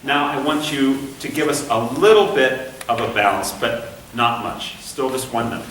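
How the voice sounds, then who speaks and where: A man coaching a conducting student in a patient, hands-on way, often singing syllables to show the beat. He is picked up from across an echoey rehearsal room. A faint hiss sits under his medium-pitched voice. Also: a little slow, fairly bright tone, recorded from a distance. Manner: patient, demonstrative, sings syllables to show rhythm. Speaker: conducting instructor. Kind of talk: classroom coaching.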